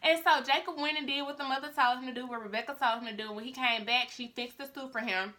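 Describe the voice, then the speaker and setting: A woman vlogger retelling a Bible story in casual, chatty talk aimed at her viewers. Her voice sits high and sounds bright. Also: fairly even intonation, fast talker.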